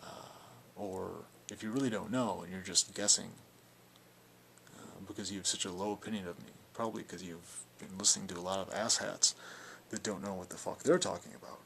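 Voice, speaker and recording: A man's voice: deep voice, fairly even intonation, brisk, creaky, a bit bright, a little hiss or hum. A young man talking casually in a video blog response, rambling and defiant, with plenty of filler words. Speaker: video blogger.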